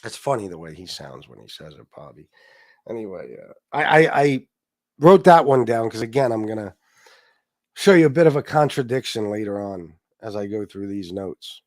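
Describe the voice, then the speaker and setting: On the low side and expressive, the livestream host speaks at a moderate pace through a blocked nose, rambling, swearing, and reading chat comments aloud in a casual stream. The sound is studio quality with no room sound.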